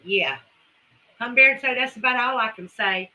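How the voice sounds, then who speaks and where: A woman's voice: on the high side, moderate pace, sharp tone, rough recording. A woman with a Southern US accent, chatting folksily with viewers as a homesteading livestream host. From Carolinas, US. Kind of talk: casual livestream chat with viewers.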